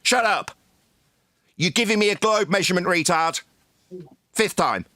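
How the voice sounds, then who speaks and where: A man yelling and hurling insults at someone in a heated online voice-chat debate. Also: sits high, expressive, moderate pace, no echo. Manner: shouting, insulting, domineering. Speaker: debate stream host.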